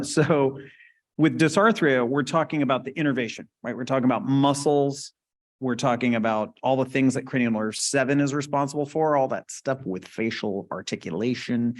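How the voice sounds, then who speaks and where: A man giving a conversational lecture in a webinar, casually explaining and often checking in with "right?" and questions to the audience. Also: medium pitch. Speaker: webinar presenter.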